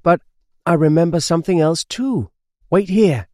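A man's voice: fairly high pitch, normal speed, warm tone, no room sound, studio quality, voice pushed up, close to an everyday voice. A man voicing a good-natured, forgetful male dog in a children's storybook, speaking happily. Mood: happy.

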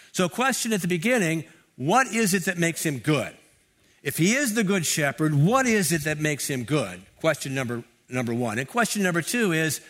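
A man's voice: fairly high pitch, fairly bright tone. A male pastor preaching a sermon in a conversational, reflective way, repeating phrases for emphasis.

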